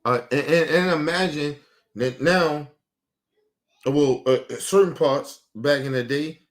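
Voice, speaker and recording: A young man, ranting emotionally and profanely on a live stream, dropping low and quiet, then bursting out loud.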